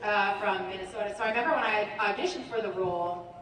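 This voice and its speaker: A woman's voice: medium pitch, fast, fairly bright tone, a little hiss or hum. Giggly Canadian woman in an echoey hall. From Saskatchewan, Canada. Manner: giggly, rambling. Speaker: actor on a convention panel. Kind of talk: casual panel chat. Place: large convention hall. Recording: echoey hall audio from far off.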